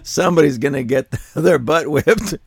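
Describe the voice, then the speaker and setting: A man reads a news piece aloud and talks it over, and he keeps cracking up with laughter. His voice is gravelly with a crackle at the low end. The mic is close and the room is dry, with no echo. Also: moderate pace. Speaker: commentary channel host. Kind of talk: reading news and commenting.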